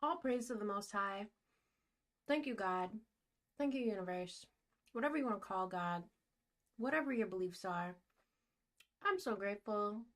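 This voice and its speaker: A young woman vlogging as she paints, talking in a giddy, gushing, excitable way. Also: mid-range voice, normal speed, pauses often. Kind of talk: casual vlog talk to camera.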